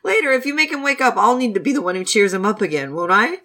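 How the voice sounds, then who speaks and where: A woman's voice: a little high, expressive, quick pace, pushed and bright. A woman doing a fond, chatty young mother. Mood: fond teasing.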